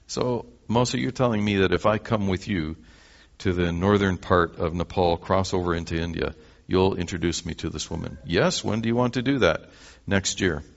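Deep-voiced Canadian man preaching. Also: vocal fry, highs cut off. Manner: animated storyteller acting out dialogue. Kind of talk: sermon storytelling.

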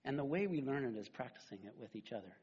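A middle-aged man preaching a sermon as a pastor, animated and conversational, often checking in with "right?". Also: mid-range voice, quick pace, husky, dull audio.

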